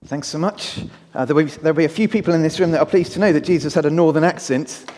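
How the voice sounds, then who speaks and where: Guy pastor talking to kids and grownups, a bit high, big church echo. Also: fast talker. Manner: lively, addresses children and adults. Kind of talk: family Easter sermon. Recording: church hall reverb.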